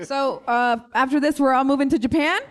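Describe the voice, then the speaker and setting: A woman's voice: high voice, steady tone, brisk. A woman moderating a live panel, asking questions with friendly, playful asides.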